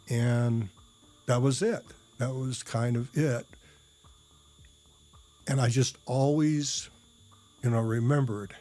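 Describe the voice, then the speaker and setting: A man's voice: mid-range voice, warm tone. A man telling a personal story in a casual, rambling way, with many fillers and restarts and blunt, salty language. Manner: blunt, profane.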